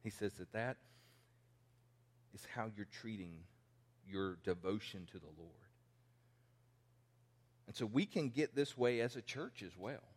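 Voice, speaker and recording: A pastor in his forties preaching a conversational sermon, acting out the people he quotes. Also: medium pitch. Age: 40s. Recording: long reverb in a large hall.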